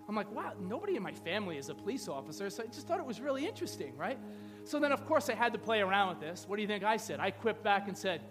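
High-voiced man preaching in a reverberant hall. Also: lively intonation, fast talker, fairly bright tone. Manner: conversational preaching with rhetorical questions and humor. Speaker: pastor. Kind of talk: sermon. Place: church sanctuary. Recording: long hall reverb with background music.

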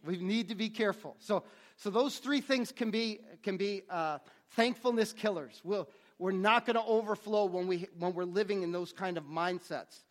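A man with a high voice preaches a sermon. He speaks earnestly and often repeats a word or two as he restarts his phrases. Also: moderate pace. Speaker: pastor.

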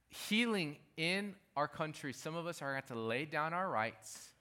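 A male pastor delivers a sermon with emphasis, circling back to repeat his main lines. His voice is bright and forceful, sitting a little high for a man. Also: measured pace. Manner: emphatic, repeats key phrases.

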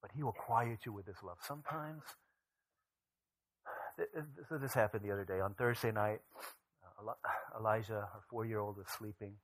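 Male pastor, thirties, sermon storytelling, lowish voice, lively then hushed. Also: moderate pace, poor audio. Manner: storytelling, animated then dropping to a soft hushed voice.

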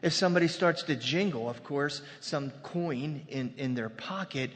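A man's voice: on the high side, normal speed, fairly bright tone. A man preaching a sermon in a loose, conversational way, breaking off into humorous asides before returning to his point. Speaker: pastor. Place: church sanctuary. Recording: long hall reverb.

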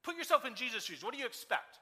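A man preaches a sermon with energy and a chatty, questioning delivery. His voice sits high and sounds piercingly bright. The recording carries the long reverb of a church hall. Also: fast talker. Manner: energetic, conversational with rhetorical questions. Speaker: guest preacher.

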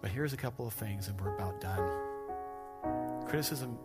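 A man's voice: lowish voice, measured pace. Man preaching a sermon over music. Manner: humorous, self-deprecating, animated asides. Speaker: pastor. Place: church stage before a congregation. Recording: music playing behind the speaker.

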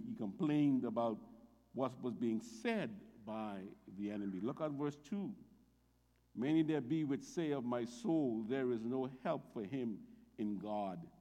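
A man's voice: mid-range voice, warm tone, in a large hall, highs cut off. A man preaching a sermon as pastor, reading scripture aloud with emphatic rises on the quoted lines.

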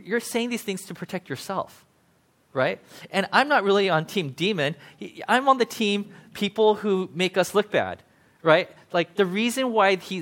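Speaking in a high-sitting voice, a male pastor preaches in a relaxed, conversational style. He retells scripture in lively everyday speech, peppered with "right?"

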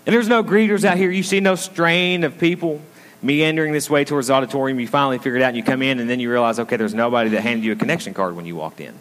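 A man's voice: mid-range voice, rapid-fire, a bit bright. A man preaching a conversational sermon, telling a story and drawing the congregation in with frequent asides. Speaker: pastor. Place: school auditorium used as a church. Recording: long hall reverb.

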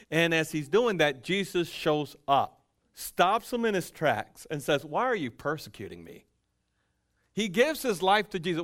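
A male pastor preaching from a church pulpit, with a voice pitched somewhat high for a man. He swings between loud, emphatic lines and hushed ones, and acts out conversations in between. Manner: acts out dialogue with God and Paul. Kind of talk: sermon.

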